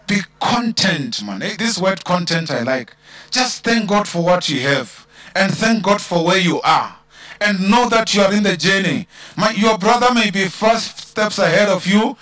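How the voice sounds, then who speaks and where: A man with a South African English accent preaching a church sermon, drawing out key words with slow emphasis and calling out hallelujah. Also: high-pitched, fairly bright tone, no echo. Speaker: pastor.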